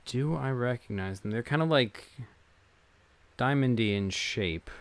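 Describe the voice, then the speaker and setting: A man's voice: mid-range voice, lively intonation, unhurried. A man playing a tabletop game, asking stammering, hesitant questions. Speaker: player. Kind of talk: casual tabletop game play.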